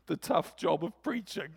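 Animated man preaching a sermon. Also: on the high side, takes it slowly, vocal fry, husky. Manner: storytelling, animated quotes. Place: church.

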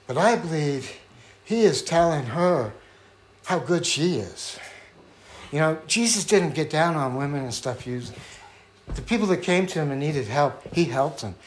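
A man preaching a sermon in an earnest, conversational way. He acts out the voices he quotes and drops to a quiet, low tone on key phrases. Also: lively intonation, normal speed.

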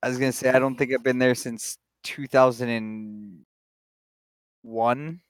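A man's voice: mid-range voice, steady tone, unhurried, no echo, clean studio sound. A man in casual podcast chat, joking around and laughing a lot with friends. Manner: jokey, laughs often.

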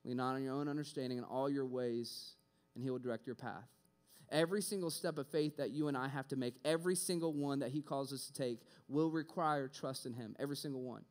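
A young man giving a sermon built on a personal story, animated, acting out both sides of conversations and often repeating words when excited. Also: medium pitch, a little fast. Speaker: preacher.

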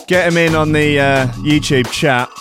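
A man's voice: fairly high pitch, fairly even intonation, moderate pace, over music. A man hosting a live radio show, chatting in a rambling, irreverent way with plenty of swearing. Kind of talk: casual live radio chat.

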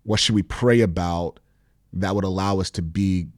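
Deep-voiced reflective pastor, man. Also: steady tone, moderate pace, no room sound, clean studio sound. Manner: reflective, thoughtful, speaks in abstract terms. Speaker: pastor, podcast co-host. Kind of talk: casual Bible discussion.

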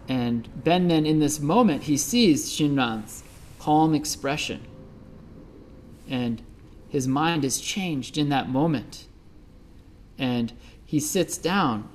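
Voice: mid-range voice, takes it slowly, a little hiss or hum. Conversational Buddhist preacher telling a story. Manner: conversational, lively, with frequent "right?" asides. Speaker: Buddhist minister. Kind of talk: sermon storytelling.

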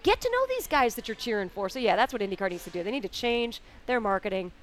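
A woman's voice: fairly high pitch, big pitch swings, fast talker. A woman from Indianapolis, co-host of a motorsport talk show, chatting bluntly and emphatically on a podcast. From Indianapolis, USA. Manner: blunt, emphatic, swears casually. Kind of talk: casual podcast chat.

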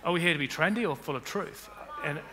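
A man preaching a sermon as pastor, building to loud emphatic peaks. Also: on the high side, fast. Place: church auditorium. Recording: long hall reverb with faint music.

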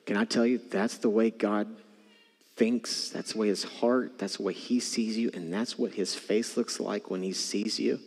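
A male pastor preaching a sermon, dropping to soft near-whispers and rising to raised emphasis. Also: fairly low pitch, fairly even intonation, unhurried, slightly rough. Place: church hall. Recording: long hall reverb.

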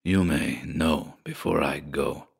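A man doing a gruff menacing old father. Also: deep voice, sing-song, unhurried, fairly bright tone, heavily acted. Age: older. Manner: gruff, impatient, threatening. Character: menacing desperate old father demanding money.

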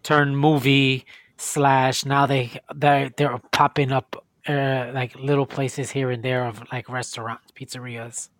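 A man from New Jersey chatting in a halting, conversational way on a call. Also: medium pitch, flat delivery, dry recording. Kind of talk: casual chat.

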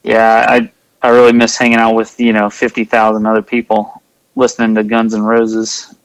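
A man co-hosting a casual movie watch-along podcast, easygoing and quick to laugh, sharing film trivia. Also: fairly low pitch, monotone, clear, resonant tone, dry recording, low-quality recording. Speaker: podcast co-host.

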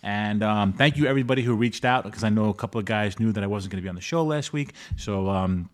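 A man co-hosting a podcast, speaking in a heartfelt, halting way with many fillers. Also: fairly low pitch. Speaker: co-host. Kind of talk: casual podcast chat.

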